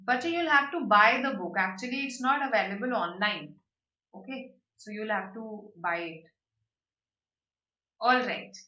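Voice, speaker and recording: A woman teaches an online vocabulary class, explaining words in a lively way and checking in with her students as she goes. Her voice is bright and fairly high. The sound is roomy and dull, as if she is sitting a little back from the mic. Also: far from the mic. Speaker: online exam-prep teacher. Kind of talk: live online vocabulary lesson.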